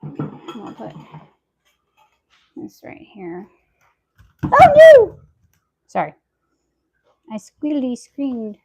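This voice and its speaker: A woman's voice: on the high side, animated, drawn-out words, long pauses, dark tone, slight background noise. A woman vlogger chatting casually to viewers at home, talking aloud to herself and her audience as she sorts her harvest and does chores. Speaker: homestead lifestyle vlogger. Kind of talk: casual chat to camera while doing chores. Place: at home, indoors.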